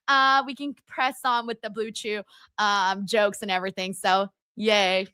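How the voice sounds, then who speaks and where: A woman's voice: medium pitch, steady tone, unhurried, pushed and bright, clear, resonant tone, no room sound. A young woman hosting a live-stream watchalong, chatting casually and giggling as she reads out viewer comments.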